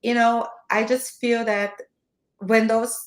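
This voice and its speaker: A woman's voice: fairly high pitch, little pitch movement, takes it slowly, reverberant. A woman from Brazil with a Brazilian Portuguese accent, whose first language is Portuguese, giving direct, encouraging advice as an interview guest on a video call. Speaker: guest, marketing mentor. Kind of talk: motivational interview talk. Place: home, morning video call.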